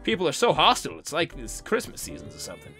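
A man hosting a gaming channel, giving excitable, goofy let's-play commentary full of exclamations and silly noises. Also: high-pitched, fast talker, soft background music.

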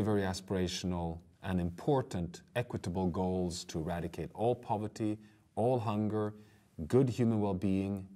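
Deep-voiced earnest male lecturer. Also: dark tone. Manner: earnest, emphatic, addresses viewers directly. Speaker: course lecturer. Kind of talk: online course lecture.

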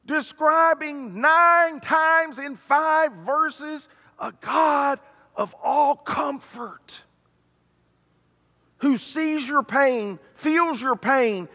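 An older man preaching a sermon, swinging between loud, emphatic passages and hushed, tender ones. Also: very high-pitched, drawn-out words. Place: church sanctuary. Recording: reverberant church hall.

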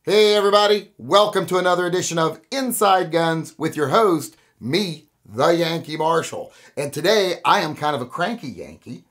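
A middle-aged man hosting his own commentary show, ranting in an animated, sarcastic and self-mocking way. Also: a little high. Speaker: host. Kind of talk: opinionated commentary.

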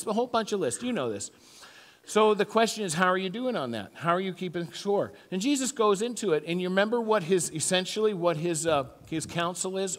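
Middle-aged guy pastor just chatting his sermon, jokey about himself, kinda high voice, big church echo. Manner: chatty, self-deprecating, acts out little voices. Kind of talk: conversational sermon. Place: church sanctuary. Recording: long church hall reverb.

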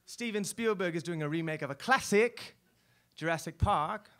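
A man's voice: high-pitched, moderate pace, fairly bright tone, clear, resonant tone. A man voicing a chatty male lizard mascot, in a rambling, self-mocking spoken word performance on a club stage. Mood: cheeky. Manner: breezy, rambling, self-mocking, full of fillers. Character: chatty male lizard mascot, showbiz-proud, secretly lonely. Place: live stage at a poetry club.

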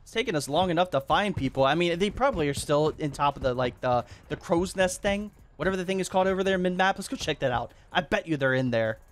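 Excitable high-voiced male gamer. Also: a little hiss or hum. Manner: excitable, quick swings to loud disbelief. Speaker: YouTube gaming host. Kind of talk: gameplay commentary.

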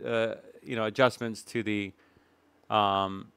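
Male reaction commentator, indignant and emphatic, smooth voice. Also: lowish voice, little pitch movement, fairly bright tone, no room sound. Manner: emphatic, indignant, with dramatic pauses. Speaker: commentary YouTuber.

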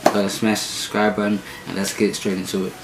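Stuffy-nosed man, flat and low. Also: a little fast, echoey room, loud music behind the voice, low-quality recording. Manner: laid-back, repeats "you know what I'm saying". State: stuffy nose from a cold. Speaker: YouTube reaction host. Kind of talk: casual vlog chat.

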